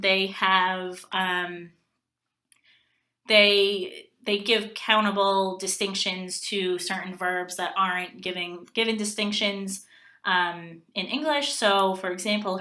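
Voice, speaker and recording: A young woman presents to a class in a bright, clear-toned voice. She pauses often and fills the gaps with ums, speaking at a mid pitch as she works through her points. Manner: hesitant, many ums. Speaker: graduate student presenter.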